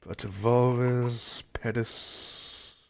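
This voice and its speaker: A man's voice: medium pitch, fairly even intonation, drawn-out words, vocal fry, a little mellow, slight background noise. A young man who is unwell, rambling to himself in casual gaming stream commentary. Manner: rambling, mumbling asides to himself. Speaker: game streamer.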